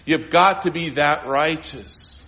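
Man, pastor, emphatic sermon delivery, slightly high pitch, urgent peaks and hushed dips. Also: slow, slight background noise. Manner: emphatic preaching with rhetorical questions; swings between raised, urgent lines and low, quiet ones.

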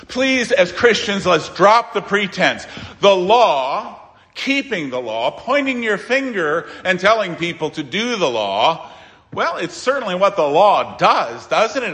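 A man preaching a sermon as pastor, emphatic, with dramatic pauses and sudden quiet asides. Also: sits high, big pitch swings, long reverb tail.

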